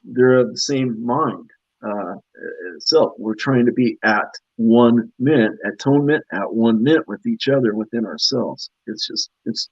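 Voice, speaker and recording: A man's voice: mid-range voice, measured pace, dry recording. A man speaking earnestly and emotionally in a spiritual talk-show conversation, rambling with fillers over a video call. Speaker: guest speaker. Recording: dull, lo-fi dry audio.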